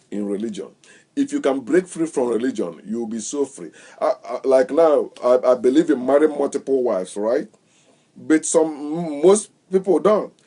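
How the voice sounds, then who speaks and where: A man giving his opinions in casual talk, lively, acting out the people he quotes and laughing often. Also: medium pitch, husky. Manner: animated, acts out quoted voices.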